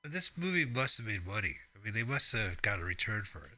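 A man's voice: on the low side, very animated, fast talker, pushed and bright. A man co-hosting a radio show, chatting casually about movies and cracking dry jokes. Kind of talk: casual movie commentary chat. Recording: radio studio broadcast.

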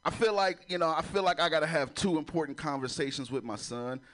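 A man's voice: on the high side, quick pace, a bit bright. A man doing a crude stand-up comedy set, laughing at his own jokes and talking in a loose, chatty way. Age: adult with a son. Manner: loose, chatty, keeps asking "you know".

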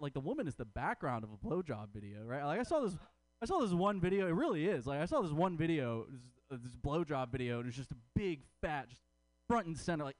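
A man's voice: a little high, darkish tone, no room sound. A man doing a crude, self-mocking stand-up comedy set at a comedy club open mic.

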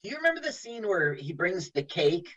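Husky man with a lively voice. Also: high-pitched, fairly quick, lo-fi sound. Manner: animated, quotes scenes in put-on voices. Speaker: radio co-host. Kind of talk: casual movie commentary chat.

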